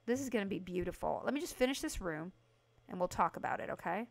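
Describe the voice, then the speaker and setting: A woman livestreaming a house renovation game, chatting casually with her viewers and breaking into excited bursts. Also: mid-range voice, fast talker, creaky. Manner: chatty, talks to chat by name, excited bursts. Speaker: livestream host playing a video game. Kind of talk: casual live game commentary.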